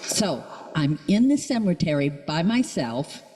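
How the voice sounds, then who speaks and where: An older woman telling a lively story at a church service, acting out the voices she quotes. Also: sits low, measured pace. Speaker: congregant sharing a story. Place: church sanctuary. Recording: long reverb of a church hall.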